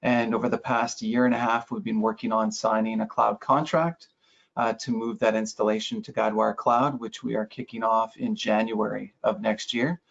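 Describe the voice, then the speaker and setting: A man's voice: fairly low pitch, fairly even intonation, normal speed, creaky, muffled recording. A man introducing himself on an online panel, explaining steadily with some fillers.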